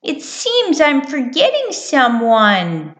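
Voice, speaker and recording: A woman puts on a squeaky, eager little storybook mouse, pitched far above her own voice and bouncing all over it. The mouse chirps her lines, lively and giggly, and the voice rings in a roomy space. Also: slow pace, full character voice. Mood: eager, chirpy. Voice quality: high and squeaky. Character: excitable little female mouse. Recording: roomy echo.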